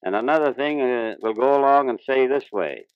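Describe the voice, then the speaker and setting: A man's voice: mid-range voice, expressive, fairly quick, clear, resonant tone, dry recording. An older man, a retired ballplayer, telling plainspoken folksy stories in a 1940s radio interview. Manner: plainspoken old-time storyteller, ungrammatical folksy speech. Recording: dull dry 1940s radio transcription.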